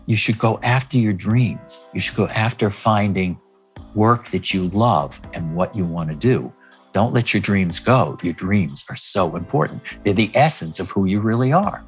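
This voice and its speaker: A man's voice: fairly low pitch, breathy edge. A man in his sixties, a life coach, telling stories in an interview and acting out dialogue in changing voices. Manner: animated, acts out dialogue in shifting voices. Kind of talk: storytelling interview talk.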